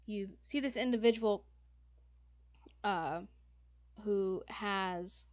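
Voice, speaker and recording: A woman's voice: medium pitch, drawn-out words, dry recording. A woman game master narrating a tabletop game in a loose, casual way, full of fillers and swearing.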